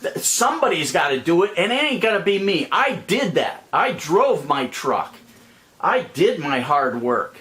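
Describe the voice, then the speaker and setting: A man's voice: on the high side, very animated, a little slow, a bit bright. A middle-aged man ranting to his viewers, blunt and profane, calling people idiots and describing himself as a plain speaker. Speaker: YouTube money-making vlogger.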